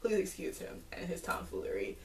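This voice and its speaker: A stern older nobleman brushes off an embarrassment in a dry, dismissive tone, as a woman puts him on. The voice stays low, heard from a distance in a roomy space. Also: big pitch swings, a little fast, vocal fry, a little hiss or hum. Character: stern older noble father, smoothing things over.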